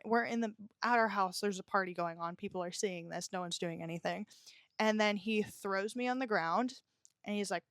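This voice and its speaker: A woman's voice: medium pitch, a bit bright, no room sound, clean studio sound. A young woman hosting a podcast, telling her own story in a candid, rambling way, swearing freely. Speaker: podcast host. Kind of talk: casual personal storytelling. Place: indoors while it rains outside.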